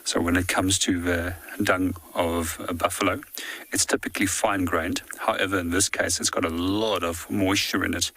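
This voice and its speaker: Brief: male bush guide, low and bright, dry close sound, patient teaching manner. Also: dry recording, rough recording. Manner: calm, explanatory, teaching tone. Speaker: safari guide. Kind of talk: live field commentary on a walking safari. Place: outdoors in the bush on foot.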